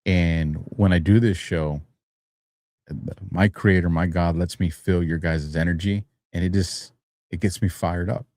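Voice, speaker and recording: A man's voice: low-pitched, steady tone, a little slow, no echo. Tired man rambling on a livestream. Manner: rambling, chuckles between phrases, grows heated and louder when arguing. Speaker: host of a live-streamed talk show. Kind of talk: casual live-stream commentary. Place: studio.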